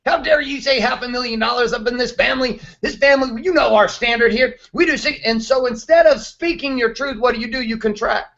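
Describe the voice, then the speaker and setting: A man in his thirties hosts a show and delivers a fired-up motivational rant, blunt, emphatic and full of profanity. His very high voice is fairly bright with vocal fry, a little fast and with few pauses, and the recording's highs are cut off.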